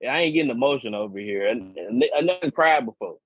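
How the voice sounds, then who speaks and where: A husky-voiced man rambles through a profane, repetitive story on a casual podcast. His sound is dry and close, with dull, lo-fi podcast audio that lacks any sparkle. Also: medium pitch, expressive, quick pace, dry recording. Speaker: podcast co-host.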